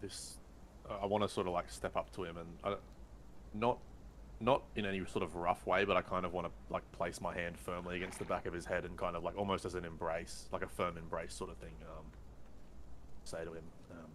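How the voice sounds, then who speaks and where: A man with a very deep voice plays his character with earnest, probing questions. Faint noise hangs under the recording. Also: little pitch movement, fairly quick, a bit bright. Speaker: player. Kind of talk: tabletop role-play.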